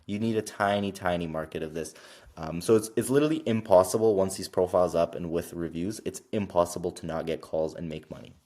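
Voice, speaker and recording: Young male business vlogger with a deep voice. Casual, chatty and full of fillers. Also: a little mellow. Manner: fast, filler-heavy with frequent "like" and "literally". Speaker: online business creator. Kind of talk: casual screen-share explainer.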